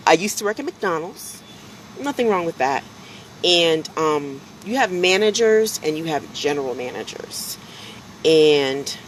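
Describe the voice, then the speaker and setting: A woman talking casually to her followers on a live stream, telling animated stories full of fillers, a little drowsy from allergies. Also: low-pitched, a little hiss or hum, poor audio. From United States. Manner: chatty, animated storytelling, many fillers.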